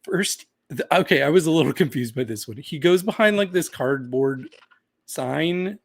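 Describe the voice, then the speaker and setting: A man co-hosting a podcast in casual recap chat, relaxed and chatty. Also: medium pitch, normal speed, vocal fry, husky. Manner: relaxed, chatty, laughs and hedges with "like" and "um". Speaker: podcast co-host.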